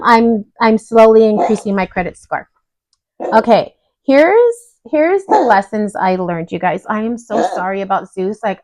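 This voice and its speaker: A woman's voice: mid-range voice, no room sound, rough recording. A woman in a casual budgeting vlog, reviewing her own goals at home in a chatty, apologetic way with frequent restarts. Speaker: budgeting vlogger. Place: home room with dogs nearby.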